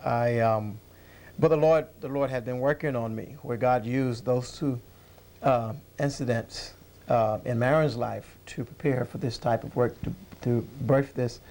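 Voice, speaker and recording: A man, a bishop, answering interview questions in a measured, thoughtful way with frequent hesitations. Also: mid-range voice, steady tone, a little mellow.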